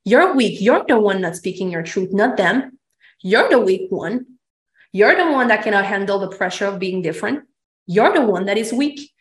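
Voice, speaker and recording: A woman's voice: medium pitch, lively intonation, moderate pace. Emphatic woman host, echoey room. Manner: emphatic, swears freely, acts out her own past lines. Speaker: podcast host. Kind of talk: candid confessional chat. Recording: roomy echo.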